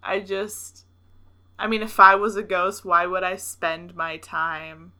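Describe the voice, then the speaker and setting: A young woman co-hosting a podcast in casual chat, amused and thinking out loud as she talks through a story. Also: fairly low pitch, fairly even intonation, slow pace. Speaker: podcast co-host.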